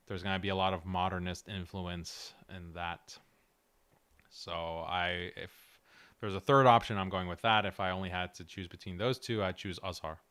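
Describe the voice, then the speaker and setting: A man's voice: low voice, a bit bright, clear, resonant tone. A male show host with a strained, cracking voice, talking earnestly through a livestream and answering chat. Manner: earnest, direct, slightly halting. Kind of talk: livestream talk reading chat.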